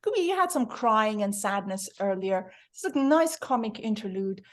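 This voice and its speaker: A woman leading a reading group over a video call, chatty and animated with many fillers. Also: mid-range voice, moderate pace.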